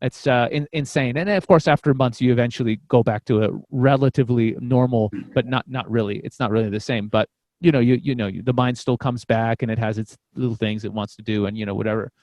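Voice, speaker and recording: A man's voice: mid-range voice, steady tone, fast talker, darkish tone, no room sound. A man guesting on a podcast, telling a personal story in a casual, rambling way, swearing freely and restarting his sentences often. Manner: rambling, profane, frequent restarts.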